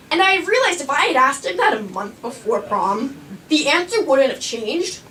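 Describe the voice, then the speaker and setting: A woman's voice: high-pitched, lively intonation, normal speed, pauses often, fairly bright tone, far from the mic, a little hiss or hum. A young woman telling a personal story live on a small stage, chatty with lots of "like" and frequent laughter.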